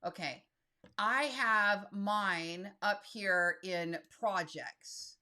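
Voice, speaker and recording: A woman's voice: medium pitch, drawn-out words, pushed and bright. A woman in her fifties talking casually and directly through a tutorial, reading text aloud as she types. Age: 50s. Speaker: solo creator and YouTube host. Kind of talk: casual screen-share tutorial.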